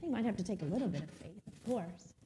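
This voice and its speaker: A woman preaching a sermon, reading scripture aloud and slowing down to stress key words. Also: medium pitch, slight background noise. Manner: expressive preaching, slows down for emphasis, reads scripture aloud.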